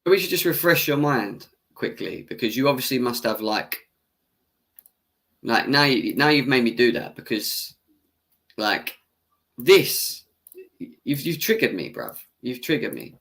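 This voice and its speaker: A man's voice: mid-range voice, sing-song, unhurried, vocal fry, long pauses, a bit bright. Young man, live-stream football reaction, fiery, swears, argues with chat, mid-range voice. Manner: heated, swearing, arguing with chat; laughs off his own bias. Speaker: football fan channel host.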